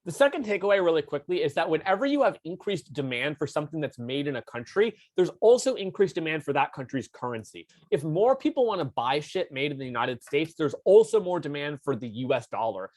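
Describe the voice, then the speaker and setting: A man's voice: fairly high pitch, big pitch swings, brisk, hardly any pauses, a little mellow, no room sound. A man teaching a casual lecture as debate coach, informal and full of fillers, with slangy asides.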